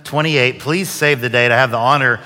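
A man preaching in a large church auditorium, his voice bright and forceful. Long reverb trails each phrase through the hall. He tells stories in a folksy, conversational way. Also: medium pitch, moderate pace. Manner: folksy joke-telling, conversational. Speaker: guest preacher. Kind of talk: sermon with storytelling.

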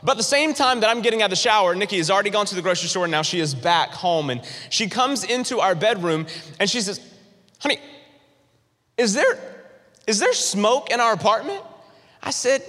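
A man preaching a sermon, telling a funny personal story with animated, humorous delivery. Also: sits high, long reverb tail. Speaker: pastor.

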